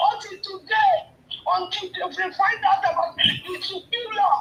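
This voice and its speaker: A woman's voice: extremely high pitch, moderate pace, fairly bright tone, reverberant, muffled recording. A Nigerian woman calling in to a talk show, speaking with passion and stumbling over repeated words. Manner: impassioned, stammering repeats. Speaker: caller. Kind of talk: heated call-in rant.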